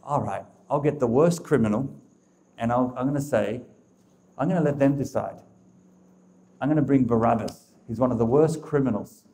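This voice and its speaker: Exasperated Roman governor, male, mellow tone, as a speaker puts him on; conversational, baffled delivery. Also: medium pitch, normal speed, long pauses, close to an everyday voice. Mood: scheming. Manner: conversational, bewildered retelling.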